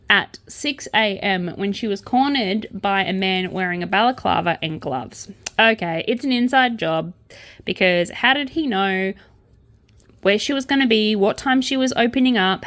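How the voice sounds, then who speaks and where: A young Australian woman reads crime stories aloud in a casual, chatty way. She keeps interrupting herself with dry, sarcastic remarks, and her voice sits at a mid pitch. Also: a bit bright. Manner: sarcastic asides between read-out news items. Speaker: podcast host reading crime news. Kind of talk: casual chat reading news aloud.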